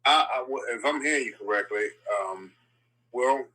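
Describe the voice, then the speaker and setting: A man's voice: mid-range voice, normal speed, bright, forceful tone, poor audio. A man co-hosting a casual conversation, thinking aloud and repeating words while he searches for them. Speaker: podcast co-host.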